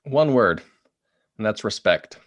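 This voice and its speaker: A man's voice: lowish voice, slow pace, no echo. Man explaining and acting out phrases. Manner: animated, acts out quoted phrases. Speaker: author and guest. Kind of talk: conversational explaining.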